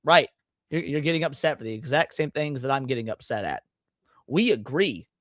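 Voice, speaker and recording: A man's voice: medium pitch, animated, a little fast, dry recording, clean studio sound. An American man hosting a live reaction stream, ranting and swearing with heavy sarcasm. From United States. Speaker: livestream host.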